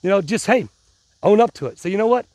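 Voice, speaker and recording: A middle-aged man chats straight to his viewers, buzzing with adrenaline and restarting his sentences as he rambles. His voice sits somewhat high, and it is recorded dry with no room sound. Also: expressive, fast, a little mellow, dry recording. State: pumped up on adrenaline. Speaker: vlogger. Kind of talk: casual vlog talk to viewers.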